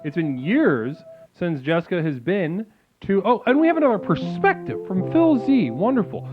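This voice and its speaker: A man's voice: high-pitched, big pitch swings, moderate pace. Male comedic call-in host, soothing new-age guru patter, lo-fi phone-like sound with faint music.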